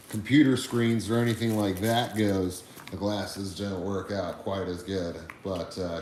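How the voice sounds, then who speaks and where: A man from the United States hosting a livestream, chatting casually, rambling and swearing as he reads viewer comments. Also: low voice. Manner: rambling, profane, laid-back. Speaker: livestream host. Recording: very echoey room with faint background noise.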